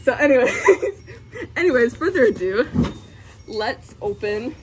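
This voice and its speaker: A woman's voice: sits high, very animated, slow pace, slight background noise. A young woman vlogging casually, giggling and gushing with many fillers as she unboxes something.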